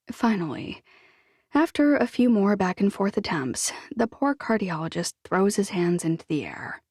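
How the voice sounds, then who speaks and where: A woman's voice: mid-range voice, expressive, moderate pace, darkish tone, slightly rough, no echo, clean studio sound. A woman reading a novel in the first person, with a wry, self-deprecating manner. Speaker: audiobook narrator. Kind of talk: first-person fiction narration.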